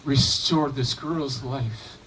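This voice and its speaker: A man voicing Jesus as a calm, gentle healer, speaking slowly and solemnly. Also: medium pitch, a little hiss or hum, voice pushed down. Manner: slow, solemn and tender. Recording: distant mic, faint room ambience.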